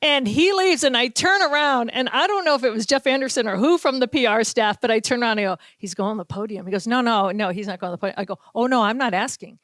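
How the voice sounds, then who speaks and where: A woman with a Boston accent, a podcast host and sports reporter telling an animated story and acting out the quotes. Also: on the high side, fast, few pauses, no echo. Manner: animated storyteller, acts out quotes, laughs often. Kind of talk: casual storytelling chat.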